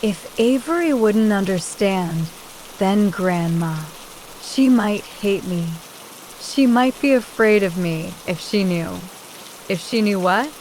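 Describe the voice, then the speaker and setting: A woman reading a first-person children's novel aloud as an audiobook narrator, in a slow, measured way. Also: medium pitch, animated, darkish tone, a little hiss or hum, rough recording.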